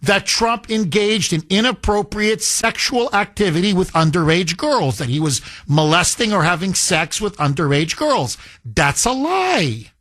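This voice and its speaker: A man's voice: high voice, lively intonation, normal speed, hardly any pauses, a bit bright, dry recording. A man hosting a talk radio show, delivering a heated, scornful monologue with emphatic repetition into a studio microphone.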